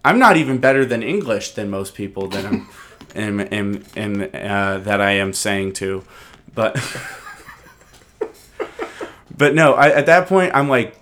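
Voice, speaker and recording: A man's voice: on the low side, expressive, unhurried, a bit bright, a little hiss or hum. A man in his twenties hosting a casual chat, loose and joking, swearing freely. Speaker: podcast host.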